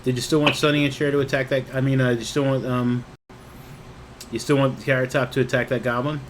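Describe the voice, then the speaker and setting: A man running a tabletop game as dungeon master, talking casually with many pauses and fillers. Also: mid-range voice, flat delivery. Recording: noisy home recording.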